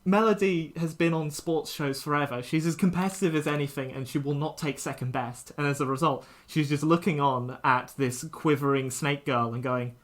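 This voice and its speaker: A young adult game master narrating a tabletop game, relaxed and wordy, searching for words. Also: mid-range voice, moderate pace, few pauses.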